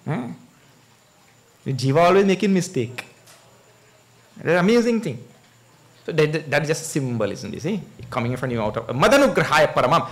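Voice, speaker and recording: A man's voice: on the high side, normal speed, pauses often. A man giving a scripture discourse as a swami, telling stories with chuckles and asking his audience questions. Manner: animated storytelling, chuckles, asks the audience "eh?". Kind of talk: sermon.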